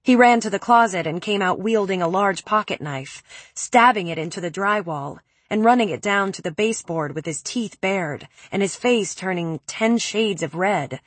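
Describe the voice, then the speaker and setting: Husky woman narrating a dark novel. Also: medium pitch, expressive, normal speed, few pauses, dry recording. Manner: intense, dramatic delivery. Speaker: audiobook narrator. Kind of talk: first-person novel narration.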